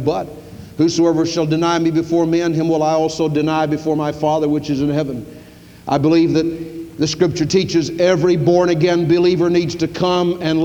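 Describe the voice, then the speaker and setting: A middle-aged man delivers a sermon from the pulpit in a fairly high voice, and the long reverb of the church hall trails after every phrase. He tells homespun stories and acts out the dialogue, jumping up in pitch for the other characters before settling back into plain preaching. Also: mellow, muffled recording. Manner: folksy storytelling, acting out dialogue with sudden pitch jumps. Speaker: pastor. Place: church sanctuary.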